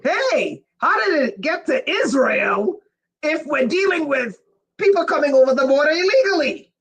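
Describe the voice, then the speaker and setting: A livestream host reading viewer chat, who gets excited and raises their voice, often breaking off with "whoa" and asking listeners whether they follow. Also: high-pitched, moderate pace, lo-fi sound. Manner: breaks off with repeated "whoa" and "wait". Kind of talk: casual livestream talk to viewers.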